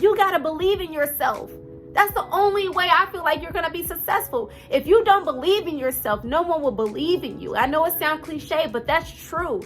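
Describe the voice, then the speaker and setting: A woman's voice: sits high, fairly bright tone. A woman in her thirties with a twang, talking earnestly and directly to camera as a motivational vlogger, casual and full of fillers. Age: 30s.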